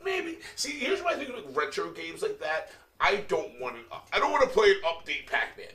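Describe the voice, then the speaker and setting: A man's voice: a little high, huge pitch swings, normal speed, pushed and bright. A tipsy man co-hosting a podcast, rambling in casual chat and swearing freely. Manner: loose, rambling and heavy on profanity. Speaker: podcast co-host. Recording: echoey room, mic at a distance.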